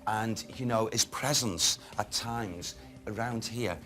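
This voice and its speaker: A man working as a medium on a ghost hunt, speaking haltingly and addressing unseen spirits. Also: fairly low pitch, bright, forceful tone. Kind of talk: psychic reading on a ghost hunt. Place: dark old historic building, indoors.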